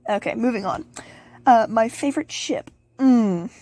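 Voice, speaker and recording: A woman's voice: a little high, a little slow, darkish tone. A teenage girl hosting a casual question-and-answer vlog, bubbly and giggly, rambling with playful asides. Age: teens. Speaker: channel host.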